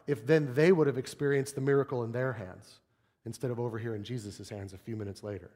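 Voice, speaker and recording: A man preaching a sermon as pastor, animated, acting out quoted voices and dropping to soft, low tones for emphasis. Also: fast, in a large hall.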